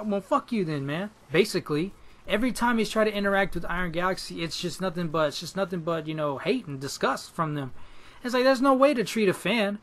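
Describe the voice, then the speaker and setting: Young man, high-pitched, fed up, swearing, casual video rant. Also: animated, a little fast, a bit bright. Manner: frustrated, profane, repetitive restarts. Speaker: gaming YouTuber. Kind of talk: casual ranting commentary.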